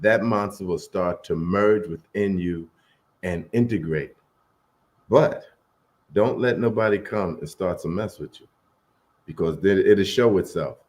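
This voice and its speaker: A man co-hosting, telling a personal story in an earnest, slow and heartfelt way. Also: low voice, darkish tone.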